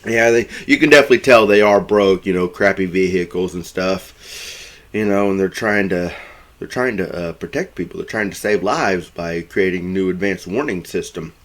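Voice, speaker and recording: A man's voice: sits low, moderate pace. Guy rambling thru a movie recap, lots of ums and restarts. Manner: rambling, full of fillers and restarts. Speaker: film reviewer. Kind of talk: casual film recap.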